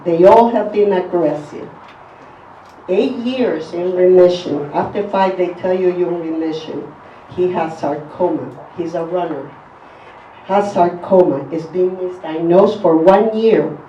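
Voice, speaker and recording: A woman's voice: fairly low pitch, unhurried, slight background noise. A woman giving an earnest, emphatic personal faith testimony. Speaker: testimony speaker. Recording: echoey, distant, dull recording.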